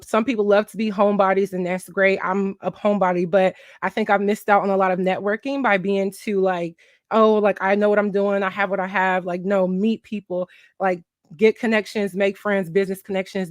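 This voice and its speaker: A woman's voice: mid-range voice, level tone, fairly quick, dry recording, studio quality. A woman in her twenties from Philadelphia chatting frankly to camera, giving advice with lots of "um" and "like". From Philadelphia, USA. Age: 20s. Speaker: vlogger. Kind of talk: casual advice chat.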